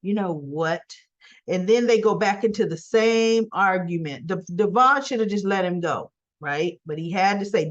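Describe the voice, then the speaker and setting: A woman's voice: medium pitch, normal speed. A woman casually retelling a soap episode in a chatty way with frequent asides, in a dull lo-fi recording. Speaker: soap opera recap vlogger.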